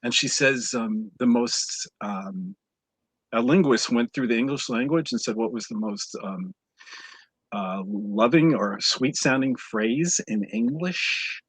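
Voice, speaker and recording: A husky man co-hosting a fan show in a relaxed, rambling way. He fills his pauses with ums while he hunts for the right word. His voice is dry and close to the mic. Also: mid-range voice, no echo. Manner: rambling, searches for words, many ums. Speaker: podcast co-host. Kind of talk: casual chat.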